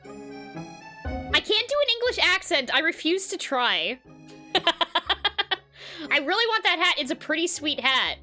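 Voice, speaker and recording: A woman's voice: very high-pitched, very animated, takes it slowly, long pauses. A young woman streaming a game, chatting casually and self-deprecatingly with lots of giggles over game music.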